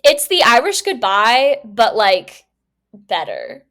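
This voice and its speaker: Animated young woman telling a story. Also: a little high, takes it slowly. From Phoenix, US. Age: young adult. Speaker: podcast co-host. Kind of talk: casual storytelling chat.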